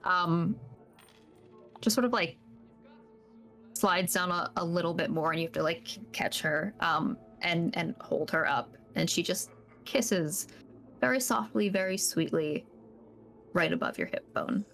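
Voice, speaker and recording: A woman's voice: fairly low pitch, a little slow, pauses often, a bit bright, soft background music. A woman running a tabletop game as game master, describing scenes in a loose, hesitant way with many fillers.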